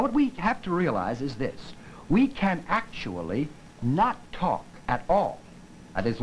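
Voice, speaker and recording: A man giving a lecture for an educational film. He demonstrates points with his own voice and gestures, and his emphasis swings between loud and soft. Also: a little high, slight background noise, poor audio. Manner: demonstrative, acts out examples with voice and gestures.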